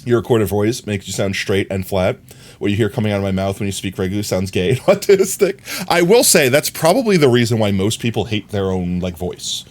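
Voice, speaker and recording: A man livestreaming, chatting casually with his viewers in an animated, filler-heavy way. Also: fairly low pitch, a little fast.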